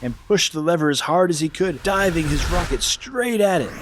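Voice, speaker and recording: Lively male storyteller. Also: on the high side, normal speed, background noise. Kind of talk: scripted children's story narration.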